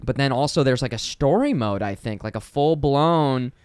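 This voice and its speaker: A man co-hosting a casual podcast, rambling excitedly with plenty of fillers. His voice is very smooth and clear at a mid pitch. The sound is close and dry. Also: normal speed, no echo. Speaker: podcast co-host. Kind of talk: casual chat.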